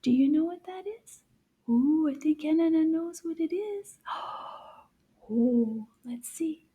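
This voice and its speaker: Woman, high voice, very slow delivery, kids' French teacher; gasping wonder, whispered asides, stretched-out words. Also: lively intonation, narrow, tinny audio. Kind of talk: slow, playful kids' lesson.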